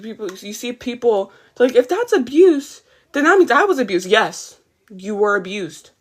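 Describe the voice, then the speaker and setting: A woman's voice: mid-range voice, a bit bright. A woman hosting a livestream, tired but heated as she rants emphatically and keeps greeting her chat. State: a little tired. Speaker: livestream host. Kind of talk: casual ranting livestream.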